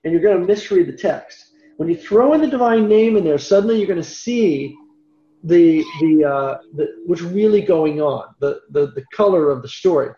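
Man, Bible teacher, verse-by-verse lesson, animated conversational asides, echoey room, dull lo-fi sound. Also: fairly high pitch, normal speed, a little hiss or hum. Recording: roomy echo, dull lo-fi sound.

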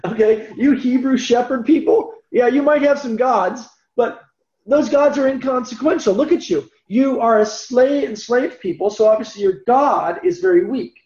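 A man's voice: very high-pitched, moderate pace, darkish tone, pitched above the performer's own voice. A man putting on a scornful proud king. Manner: mocking, dismissive. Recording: roomy echo, dull lo-fi sound.

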